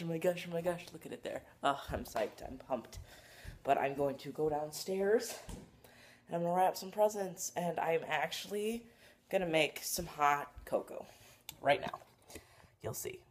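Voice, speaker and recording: A young woman chatting casually in a home vlog, gushing with excitement as she talks to the camera. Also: deep voice, slight background noise. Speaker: vlogger. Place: home, indoors.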